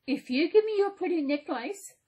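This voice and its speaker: A woman reading a fairy tale aloud and voicing a strange little man who offers help in gentle, coaxing words. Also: very high-pitched, animated, moderate pace, pitched above the performer's own voice.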